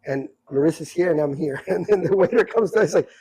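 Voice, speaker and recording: A middle-aged man telling stories from his life in a casual chat, animated and repeating himself as he acts out what people said. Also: a little high, fast, husky, poor audio. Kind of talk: casual storytelling.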